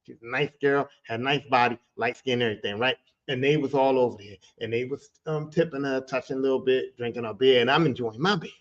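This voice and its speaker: A man hosting a podcast who tells a story in a casual monologue. He talks with animated energy, swears freely and repeats phrases for emphasis. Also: medium pitch, fast, hardly any pauses, muffled recording. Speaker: podcast host.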